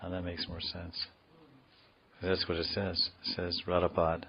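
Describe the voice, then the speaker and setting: A man giving a scripture class, explaining words slowly in a digressive, joking way, heard in a dull lo-fi recording. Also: low voice, monotone, creaky. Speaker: spiritual teacher.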